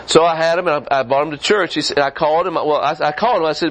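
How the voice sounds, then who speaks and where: A man preaching a sermon as pastor of a church, swinging from quick high rises down to low, slow stretches. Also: fairly bright tone, low-quality recording. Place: church sanctuary.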